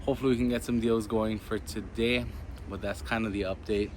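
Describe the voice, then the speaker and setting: A young adult man with a stuffed-up, congested voice, giving a relaxed, chatty vlog update. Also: on the low side, brisk. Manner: relaxed, chatty, many ums. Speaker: car salesman vlogger. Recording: background noise behind the voice.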